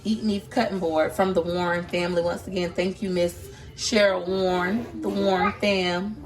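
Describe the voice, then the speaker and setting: A vlogger mom from Tampa, Florida, teasing and chatty, talks to her viewers in her kitchen while holding her phone camera. She speaks at a moderate pace in a steady voice on the low side. Audio quality is poor.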